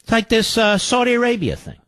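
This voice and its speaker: An older man hosting a radio talk show, delivering a sarcastic political monologue with mocking, theatrical swings between loud jabs and low mutters. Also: huge pitch swings, fairly quick, no echo.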